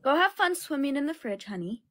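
A woman's voice: sits high, big pitch swings, a little fast, fairly bright tone. A blunt, sassy woman co-hosting a live chat stream. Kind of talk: casual chat.

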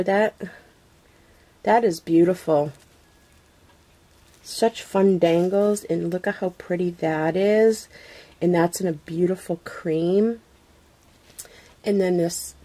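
Slow, mellow woman gushing to camera. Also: fairly low pitch. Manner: gushing, exclaiming, with gasps and soft breathy asides. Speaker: craft vlogger. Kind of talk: casual unboxing chat to camera.

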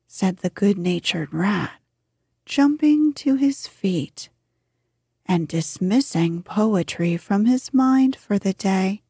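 Woman whispering a sleep story, whispered role-play, super slow, mellow, dead dry close mic. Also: lowish voice, lively intonation, no echo. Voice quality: breathy whisper. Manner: soft, slow bedtime storytelling.

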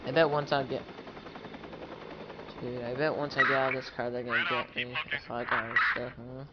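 A man's voice: medium pitch, little pitch movement, moderate pace, highs cut off. A man giving joking, casual commentary while playing a video game, talking back to the characters on screen. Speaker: gamer. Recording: loud gunfire and game noise behind.

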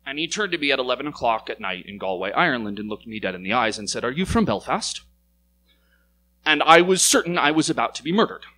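A young American man telling a personal story at a live story slam, lively and wry, his voice climbing as the tale builds. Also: medium pitch, quick pace, few pauses, rough recording. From United States. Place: stage in a small venue.

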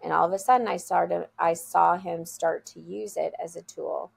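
A woman's voice: lowish voice, fairly even intonation, moderate pace, creaky, breathy edge. A woman working as a school guide, telling an earnest, heartfelt story in an interview and repeating phrases for emphasis.

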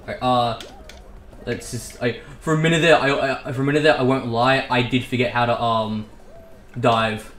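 A man giving excitable, casual commentary as he plays a game, swearing and talking to himself. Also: mid-range voice, normal speed. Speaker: gaming YouTuber. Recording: echoey room with faint background hiss.

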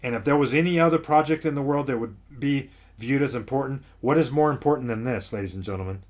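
A man hosting his own online ministry, speaking at a middle pitch. He preaches with urgency and insistence, repeating his points and addressing listeners as folks. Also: fast talker. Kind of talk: preaching to camera.

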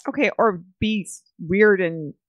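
A woman's voice: medium pitch, unhurried, no echo, muffled recording. A woman co-hosting a podcast, recapping a movie in casual chat with sarcastic jokes and frequent laughs. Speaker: podcast co-host.

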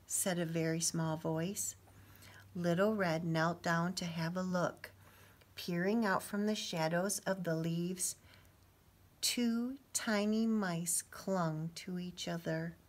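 A woman teacher reading a picture book aloud to children, expressive and pausing to ask the listeners questions. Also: fairly low pitch.

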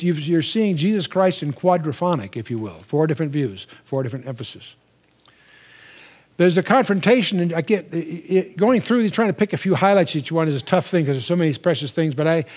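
Older man, Bible teacher, fairly high voice, chatty lecture, slow stressed scripture readings. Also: darkish tone. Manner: conversational, quotes scripture slowly with emphasis, asks the audience questions.

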